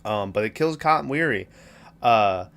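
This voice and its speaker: A man's voice: on the low side, expressive, moderate pace, creaky, fairly bright tone, clear, resonant tone. A man hosting a movie podcast, retelling a film's opening scene in loose, profane, casual storytelling and acting out the characters' lines. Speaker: podcast host.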